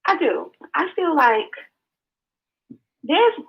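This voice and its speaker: A woman calling in to a live show, speaking slowly and plainly in casual phone chat. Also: high voice, very animated, creaky. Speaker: caller. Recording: dull lo-fi call audio.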